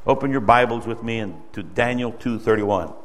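A male preacher delivering an emotional sermon, swinging from loud exhortation to hushed storytelling. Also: medium pitch, normal speed. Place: church sanctuary. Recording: long reverb of a large hall.

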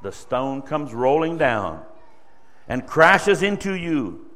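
A man's voice: on the high side, very animated, takes it slowly. Preacher man in a reverberant hall. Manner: emotional, swings from loud exhortation to hushed storytelling. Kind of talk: sermon. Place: church sanctuary. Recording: long reverb of a large hall.

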